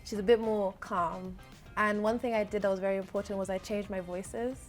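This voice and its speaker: A woman's voice: mid-range voice, steady tone, a little fast, soft background music. A young woman from Zambia, an actress and model, chatting casually as an interview guest with light humour and frequent laughs.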